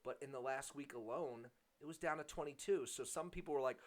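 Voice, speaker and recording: A man's voice: mid-range voice, brisk, few pauses. Male vlogger with a mid-range voice, casual and chatty, full of fillers and a bit self-mocking. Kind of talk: casual vlog talk.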